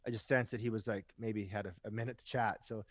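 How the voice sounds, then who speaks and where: A man's voice: on the low side, fairly even intonation, fast, dry recording. Chatty rock musician man, dry sound. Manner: chatty storyteller who keeps asking "right?"; swears casually. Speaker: podcast guest, rock musician. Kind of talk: casual chat.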